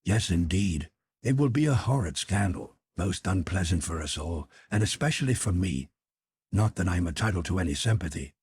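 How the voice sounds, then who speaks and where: A man voicing a calm, persuasive lady. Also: sits low, moderate pace, a little hiss or hum. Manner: gentle, reasonable, soothing. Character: composed grown woman, calm and persuasive.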